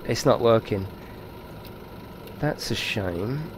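A man giving excitable, chatty live commentary while streaming a game and talking to his viewers. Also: mid-range voice, unhurried, a little hiss or hum.

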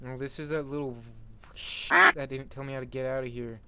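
A man's voice: mid-range voice, fairly even intonation, brisk, noisy background. Sarcastic young man gaming. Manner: sarcastic, mocking, bursts of laughter. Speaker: gamer. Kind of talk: casual gameplay commentary.

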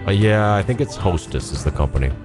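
Low-voiced male podcast co-host over Skype. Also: animated, fast, over music. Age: middle-aged. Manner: rambling, laughs often, restarts sentences. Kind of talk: casual chat. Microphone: talking over Skype.

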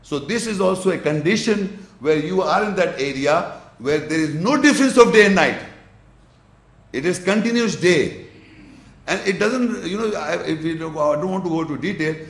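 A man's voice: a little high, animated. Guy teaching a religious class, keeps asking if you follow, roomy echo. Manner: explains slowly with gestures, checks the audience's understanding. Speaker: Islamic lecturer. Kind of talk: religious lecture to an audience.

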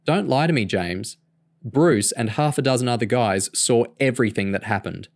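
A man's voice: medium pitch, normal speed, dry recording, close to an everyday voice. A man voicing a sporty, teasing teenage girl while reading a novel aloud. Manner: teasing, a touch sharp.

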